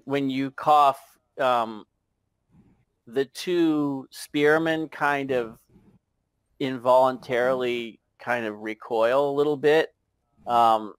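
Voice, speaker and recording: A man narrating a tabletop game as game master, unhurried and hesitant with many fillers. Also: medium pitch, smooth, no room sound.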